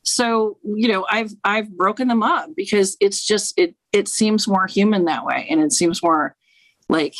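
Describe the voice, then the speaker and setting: A frank, no-nonsense woman talks about reading tarot in relaxed conversation. She is blunt and swears without hesitation. The sound is dry and close. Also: mid-range voice, a little slow, dry recording, poor audio. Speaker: tarot reader and author. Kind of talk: casual conversation, interview guest.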